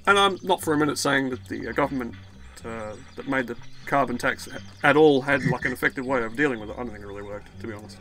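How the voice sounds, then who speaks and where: A man's voice: mid-range voice, fast, bright, forceful tone, soft background music. A man giving rambling, jokey let's play commentary, swearing freely as he plays. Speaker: gaming video host.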